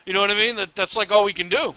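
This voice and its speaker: High bright-voiced cop telling stories. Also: male voice, very fast, no echo, lo-fi sound. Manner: profane, laughs mid-story; animated, acts out quotes. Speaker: police officer. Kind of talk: casual storytelling while gaming.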